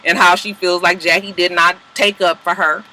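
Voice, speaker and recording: Black lady doing a messy reality show recap, cussing and sassy, real bright edgy voice. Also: lowish voice, normal speed, rough recording. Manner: profane, animated storytelling with sassy asides. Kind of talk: casual episode recap.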